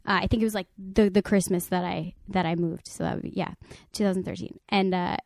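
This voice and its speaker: A young woman from Connecticut telling a family story on a podcast, lively and full of fillers as she acts out the people she quotes. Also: lowish voice, a little fast, vocal fry, no room sound, clean studio sound. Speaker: podcast guest. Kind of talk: casual storytelling chat.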